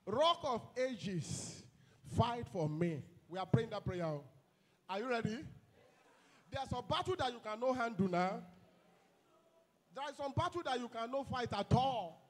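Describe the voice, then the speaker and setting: With an extremely high pitch and lively intonation, a young youth pastor from Nigeria preaches fiercely at an unhurried pace, full of shouted calls and repeated "hello?" aimed at the congregation.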